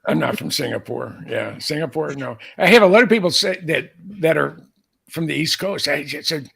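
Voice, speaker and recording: A man's voice: on the high side, lively intonation, normal speed, gravelly, a bit bright, husky. An older man from the San Francisco Bay Area, co-hosting a casual chat and telling rambling stories with many restarts. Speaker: co-host, aviation author.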